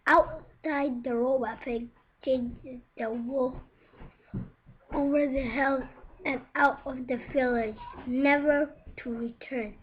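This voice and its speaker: A woman reads a children's storybook aloud, carefully and unhurried, with small slips along the way. Her voice sits high, and she takes her time over every line. The recording is muffled and lo-fi. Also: fairly even intonation, a little hiss or hum. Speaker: storybook reader. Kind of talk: reading a children's book aloud. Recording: dull lo-fi recording.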